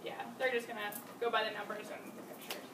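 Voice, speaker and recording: Fast-talking young woman, echoey classroom. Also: on the high side, little pitch movement. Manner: casual, lots of fillers. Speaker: student presenter. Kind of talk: class presentation. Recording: echoey room, mic far off, noisy.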